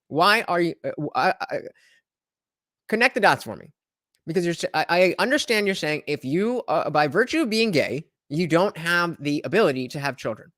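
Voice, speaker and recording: Reaction host, male, slightly high, loose rambling delivery with restarts. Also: a bit bright, no echo, studio quality. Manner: rambling, many restarts and fillers. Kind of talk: casual commentary reacting to a clip.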